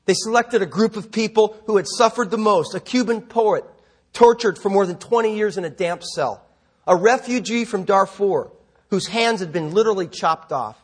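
A middle-aged male pastor preaches in a relaxed, conversational way, with self-deprecating asides. He then slips into telling a vivid story. His voice is husky and sits fairly high. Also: normal speed. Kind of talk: sermon with storytelling.

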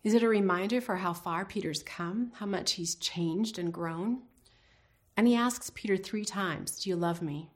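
A woman's voice: medium pitch, moderate pace. A woman teaching a devotional Bible lesson in an earnest, reflective way, putting questions to her listeners.

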